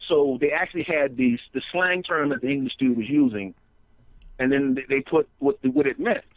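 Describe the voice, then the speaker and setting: A man's voice: mid-range voice, brisk, dry recording, narrow, tinny audio. A man, a comedian guest, telling stories in an interview, rambling with restarts and acting out quotes. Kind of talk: storytelling interview chat.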